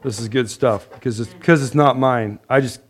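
A man's voice: mid-range voice, normal speed. A man preaching a sermon, reading scripture and laughing often between points. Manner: lively, laughs often, loud bursts of praise. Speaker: pastor.

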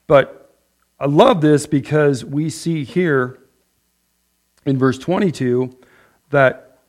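A man's voice: fairly high pitch, slow, a little mellow. A middle-aged man preaching a sermon in a loose, conversational way, full of fillers and restarts, acting out people's prayers. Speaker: pastor.

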